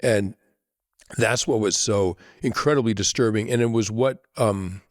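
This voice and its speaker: A man as a podcast guest, telling a reflective story in an earnest way, often checking in with a quick "right?". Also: on the low side, no room sound, studio quality.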